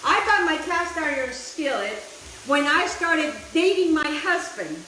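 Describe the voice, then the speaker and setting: High-voiced lady cooking outside, super chatty and excited, tosses in italian words, echoey with a bit of noise. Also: measured pace. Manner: chatty, enthusiastic, drops in Italian phrases. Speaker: cooking show host. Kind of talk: casual cooking demonstration. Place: outdoor kitchen, windy.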